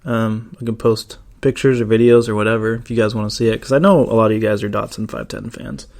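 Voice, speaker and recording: A man's voice: fairly low pitch, fairly even intonation, fast talker, darkish tone. A man hosting a casual solo podcast, rambling with lots of ums and restarts. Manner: rambling, many fillers and restarts. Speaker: podcast host.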